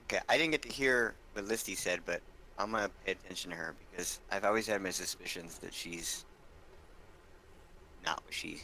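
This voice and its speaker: A man's voice: low-pitched, moderate pace, slight background noise. A man playing a tabletop game, laying out his character's actions step by step. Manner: plans actions out loud, step by step. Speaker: player.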